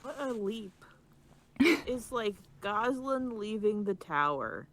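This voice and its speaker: A woman's voice: medium pitch, sing-song, takes it slowly, fairly bright tone. A woman co-hosting a podcast, reacting in casual chat with wry, incredulous remarks. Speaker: podcast co-host.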